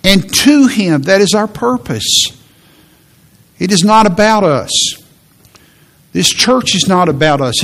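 A middle-aged man preaching a sermon as pastor, earnest, often repeating phrases and slowing down for emphasis. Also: sits high, a bit bright.

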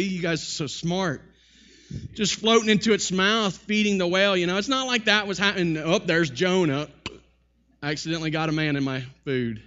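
Guy preaching, bit high voice, swings loud then quiet, dull lo-fi recording. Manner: animated preaching, voice rising and dropping sharply. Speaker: pastor. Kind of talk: sermon.

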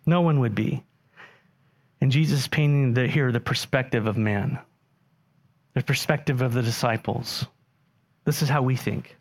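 A man preaching a sermon, animated and often putting questions to the congregation. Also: medium pitch, normal speed, pauses often. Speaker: pastor.

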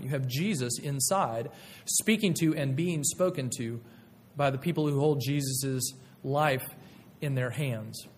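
Expressive male preacher, fairly high voice. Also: slight background noise. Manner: expressive storytelling, acts out quoted voices. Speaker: pastor. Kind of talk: sermon.

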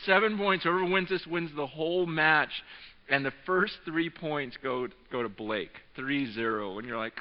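A man in his thirties preaching a sermon, telling a story with excitement, often repeating and restarting his words. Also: on the high side, normal speed. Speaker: pastor. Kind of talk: sermon with an animated storytelling aside. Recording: echoing hall, dull lo-fi sound.

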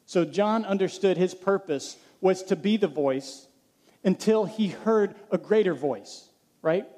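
Man, pastor, sermon, high voice, mellow tone, questions to the congregation. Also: a little slow. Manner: preaching, asks the congregation questions.

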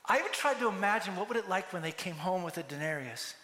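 A man's voice: high voice, animated, fast, pushed and bright. A man preaching a sermon, telling a story and acting out the characters' lines. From United States. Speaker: pastor. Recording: echoey hall with long reverb.

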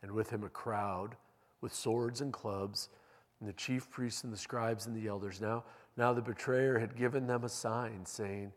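A man preaching a sermon as pastor, speaking in a measured, deliberate way and reading scripture aloud in a church sanctuary. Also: lowish voice, fairly even intonation. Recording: long reverb in a large hall.

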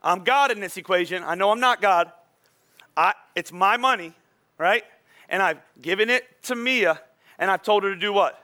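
A pastor in his forties preaches to his congregation in a high voice at normal speed. He's animated, asking the congregation questions and acting out children's outbursts.

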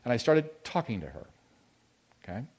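A male pastor giving a sermon, telling a personal story, moving between loud emphasis and hushed, intimate moments. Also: mid-range voice, very animated, moderate pace, breathy edge.

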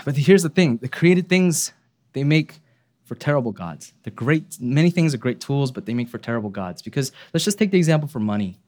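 A man preaching a sermon as pastor, earnest, posing rhetorical questions and dropping his voice low to land key points. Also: animated, brisk, a little mellow.

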